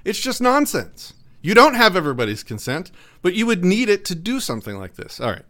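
A man guest on a podcast, ranting in an animated way with frequent restarts. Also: sits high, fast talker. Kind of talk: casual podcast debate.

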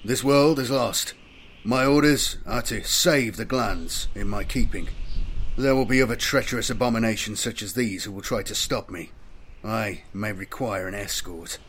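A man voicing a stern male warrior medic who gives clipped, quiet commands. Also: fairly low pitch, normal speed, breathy edge. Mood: grim.

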